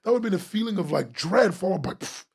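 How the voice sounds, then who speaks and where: Raspy, ranting man reviewing comics. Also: high voice, expressive, quick pace, a little mellow. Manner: ranting, sarcastic, swearing, bursts of laughter. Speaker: webcomics podcast host reviewing comics. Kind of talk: exasperated comic critique.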